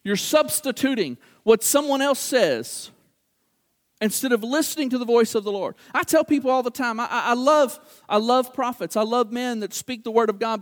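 A middle-aged man preaching a sermon, animated and acting out little dialogues, repeating words for emphasis. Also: extremely high pitch.

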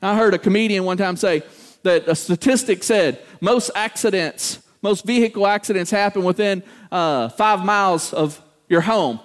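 A man's voice: sits high, moderate pace. A man preaching a sermon to a congregation, acting out everyday voices and asking the room questions. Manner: animated, acts out quoted voices, talks to congregation.

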